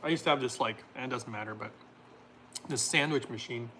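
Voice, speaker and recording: Reading his chat aloud on a laid-back livestream, this man jokes around, laughs a lot, and lets his sentences trail off. He speaks briskly at medium pitch, and the recording is very noisy.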